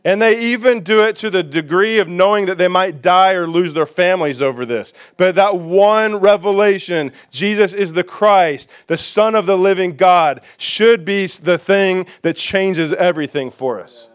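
A pastor preaches in a smooth, resonant voice that sits high for a man. He leans on repetition and keeps tossing questions out to his congregation. The setting is a church sanctuary. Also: normal speed, few pauses. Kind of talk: sermon.

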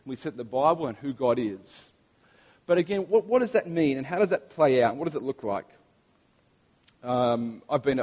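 A man's voice: mid-range voice, a little mellow. A man in his thirties, a pastor, preaching a sermon in a chatty, storytelling way with frequent restarts. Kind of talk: sermon with prayer. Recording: long reverb of a large hall.

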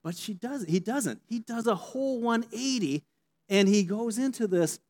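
A man preaching a sermon with a slightly high voice, talking in a loose, conversational way. He keeps checking in with his listeners with a quick "okay?" and acts out little scenes as he goes. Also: animated, a little mellow. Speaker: pastor.

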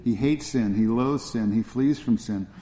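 Male preacher, earnest sermon, mellow dark tone, long church reverb. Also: medium pitch, unhurried. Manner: earnest, repeats himself with fillers.

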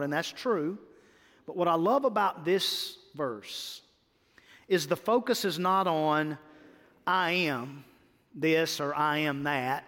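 A male pastor preaching a sermon, repeating phrases and rising to loud exclamations. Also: a little high, unhurried. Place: church sanctuary. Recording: long hall reverb.

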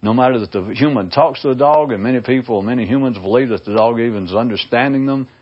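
A man's voice: fast, breathy edge. A man giving a rambling, discursive spoken monologue to his listeners on a dull, lo-fi recording. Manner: discursive, acts out imagined people in a high voice. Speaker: speaker addressing listeners.

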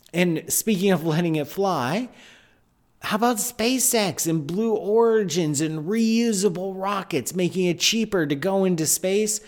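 Man, science show host, slightly high voice, excitable, chatty live-stream talk. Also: measured pace. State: out of breath.

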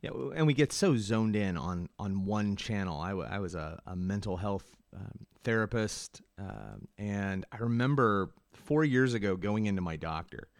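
A man's voice: on the low side, expressive, normal speed, creaky, hardly any pauses, dry recording, clean studio sound. A man in his forties hosting a casual interview, candid and self-deprecating in his stories, often answering with "mm". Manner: candid, self-deprecating storyteller, frequent "mm" backchannels. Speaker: podcast host.

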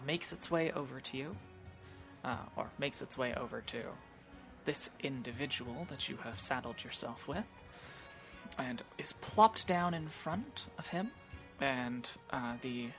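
Game master, low-pitched woman, rambling scene narration over soft music. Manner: loose, rambling narration with fillers.

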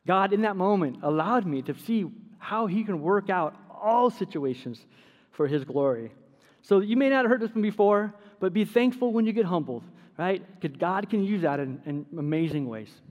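Middle-aged guy preaching, kinda high voice, funny self-deprecating stories, long church reverb. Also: normal speed, muffled recording. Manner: animated storytelling with self-deprecating humor. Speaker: pastor. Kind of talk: sermon. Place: church sanctuary.

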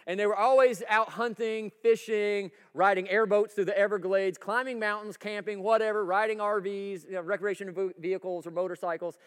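High-voiced pastor, folksy sermon. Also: male voice, a little fast, few pauses, clear, resonant tone, long reverb tail. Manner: folksy, energetic, asks the crowd for agreement. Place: church sanctuary.

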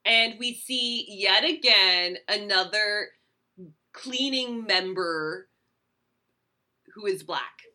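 A woman's voice: mid-range voice, extremely slow, long pauses, bright, forceful tone. A woman co-hosting a casual recap chat, talking loosely with lots of "like" and the odd swear. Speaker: podcast co-host.

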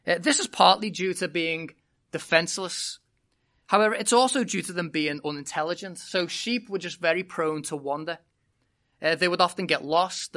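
A British-accented preacher delivers a sermon to a congregation, leading with a lively, humorous story. The voice is bright and crisp, with plenty of energy in the telling. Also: mid-range voice. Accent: British English. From Britain. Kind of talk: sermon with an opening personal story.

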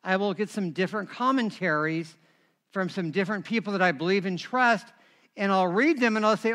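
Bright, high-voiced male pastor. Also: fairly quick. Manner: animated storytelling with humor. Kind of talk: sermon.

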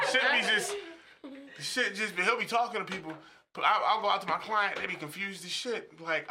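A man co-hosting a podcast, telling crude, profane stories in loud casual banter. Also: high-pitched, a little fast, crowd noise. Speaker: podcast co-host.

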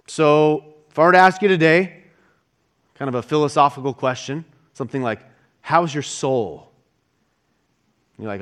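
A male pastor preaches a sermon in a conversational, unhurried manner, often restarting a phrase before carrying on. His voice sits a little higher than most men's.

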